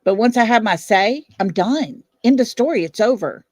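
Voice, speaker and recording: A woman's voice: a little high, expressive, moderate pace, dry recording, clean studio sound. A middle-aged woman with a Southern US accent hosting a casual livestream chat, blunt, defiant and fiery. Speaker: livestream host.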